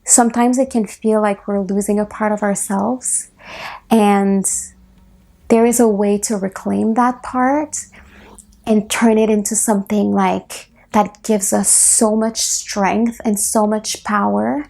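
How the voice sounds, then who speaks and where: A woman hosting a personal solo podcast, speaking softly and reflectively, close to tears at times. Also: medium pitch, steady tone, vocal fry. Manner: soft, reflective, slow and heartfelt. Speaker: podcast host.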